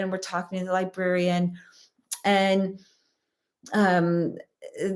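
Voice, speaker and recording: A woman host speaking slowly and deliberately in a personal, reflective monologue. She is candid and earnest, often pausing on fillers and restarting her thoughts. Her pitch sits in an ordinary middle range for a woman. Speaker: host and course teacher.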